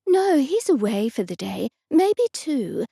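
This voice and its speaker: A woman's voice: sits high, slow, gravelly, no room sound, clean studio sound, pitched above the performer's own voice, heavily acted. A woman playing a chirpy receptionist. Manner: animated and polite.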